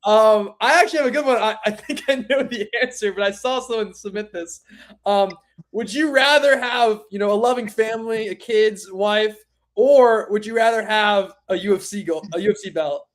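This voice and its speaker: High-voiced young host, hesitant. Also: male voice, moderate pace. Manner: hesitant, soft, trails off. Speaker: interview host. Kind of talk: casual remote interview. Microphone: video call.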